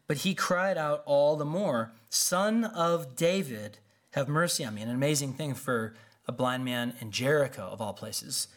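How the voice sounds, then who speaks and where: A pastor preaching a casual, conversational sermon, acting out quick quotes and asides. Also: male voice, medium pitch.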